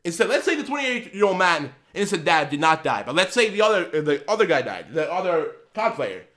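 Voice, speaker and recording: A man's voice: sits high, sing-song, fairly quick, fairly bright tone. A man on his channel ranting heatedly, swearing and repeating himself as he vents. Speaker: channel host. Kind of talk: angry vlog rant.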